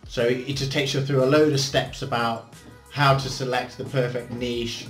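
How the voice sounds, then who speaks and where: A man's voice: mid-range voice, flat delivery, normal speed. Man, casual book review, blunt, swears, jokey, echoey room, faint music. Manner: chatty, blunt, swears casually, self-mocking jokes. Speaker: channel host, book reviewer. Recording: roomy echo with faint background music.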